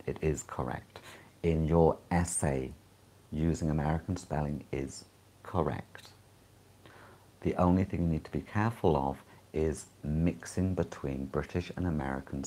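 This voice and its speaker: A man teaching English exam preparation, explaining calmly with frequent short pauses. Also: very deep voice, husky. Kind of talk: live-streamed exam advice lesson.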